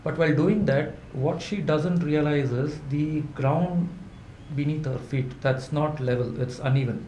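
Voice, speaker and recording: Halting man telling folk tales. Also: fairly high pitch, warm tone. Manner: halting, with many fillers and restarts. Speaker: storyteller. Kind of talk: live folklore storytelling. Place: event hall indoors. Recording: echoey room with faint hum.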